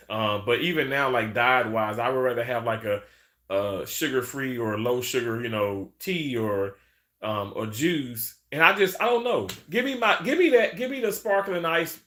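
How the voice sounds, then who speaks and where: A man's voice: medium pitch, sharp tone. A man chatting casually on a live stream, rambling about food and greeting viewers by name.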